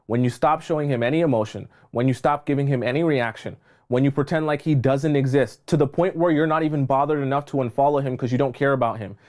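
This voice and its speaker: A man's voice: mid-range voice, fast talker, a little mellow. A man giving dating advice on a livestream, emphatic and repetitive, checking in with his viewers. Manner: emphatic, repeats points, checks in with "okay?". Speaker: dating coach.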